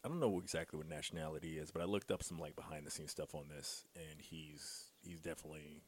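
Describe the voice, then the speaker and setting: A man co-hosting a casual movie chat, telling stories quickly with lots of fillers. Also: rumbling low, steady tone, breathy edge. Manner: quick, chatty storyteller with fillers.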